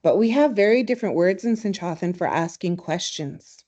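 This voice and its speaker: A woman teaching a language in a webinar, speaking warmly and reflectively, telling stories and laughing easily. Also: on the low side, lively intonation, moderate pace. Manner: warm, storytelling, laughs easily. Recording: slightly dull webinar audio.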